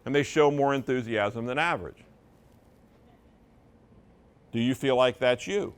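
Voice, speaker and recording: A man's voice: mid-range voice, measured pace, clean tone. Emphatic male seminar presenter. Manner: emphatic, conversational, uses vocal intonation for emphasis. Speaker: sales trainer for real estate agents.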